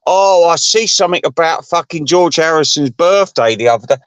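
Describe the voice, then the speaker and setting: On his own channel, a man delivers a gossipy, profane rant that wanders off on tangents. His clear, resonant voice sits higher than most men's, expressive and a little fast. The recording is close and dry, with no room around it.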